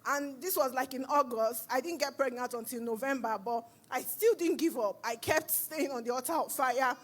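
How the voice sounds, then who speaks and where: A woman from Edo, Nigeria, with a Nigerian accent, giving a church testimony in an animated, storytelling way and acting out the conversations she recalls. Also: sits high, moderate pace, a little hiss or hum. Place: church service.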